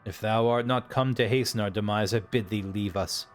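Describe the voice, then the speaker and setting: A man's voice: on the low side, fairly even intonation, faint music behind, natural voice. A man reading as mournful ancient ghost dragons. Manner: slow, solemn archaic recitation.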